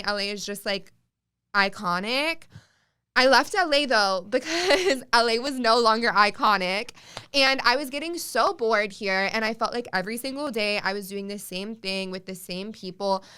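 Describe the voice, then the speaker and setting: A woman's voice: medium pitch, bright, forceful tone, clean tone. A young woman from the Chicago area hosting a podcast, telling a story in casual, chatty talk full of "like" and swearing. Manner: chatty, swears freely, heavy use of "like". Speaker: podcast host.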